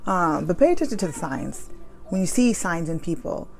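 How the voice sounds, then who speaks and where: A woman in her thirties, a mother, telling a personal story at home in a candid, chatty way with lots of fillers, speaking fast. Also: lowish voice, very animated, creaky, soft background music. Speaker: vlogger. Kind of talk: personal story time, advice to viewers. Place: home with children nearby.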